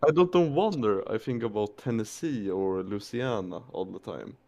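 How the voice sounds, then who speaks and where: A man's voice: lowish voice, expressive, normal speed, a little mellow. A young man speaking English bluntly, with swearing, in a casual voice chat.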